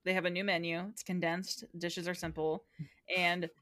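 A woman's voice: lowish voice, little pitch movement, moderate pace, a bit bright, no echo. A woman recapping a show in casual podcast chat, giggly, with dry jokes.

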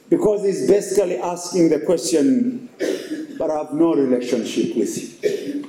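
A man's voice: fairly high pitch, lively intonation, normal speed, mellow, roomy sound, soft background music, poor audio. A man preaching a sermon, emphatic and repetitive, with rhetorical questions.

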